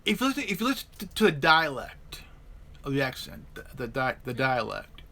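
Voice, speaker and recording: Halting, bright-voiced man chatting politics. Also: medium pitch, very animated, vocal fry. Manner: halting, many repeated words and restarts. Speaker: live stream host. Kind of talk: casual political chat.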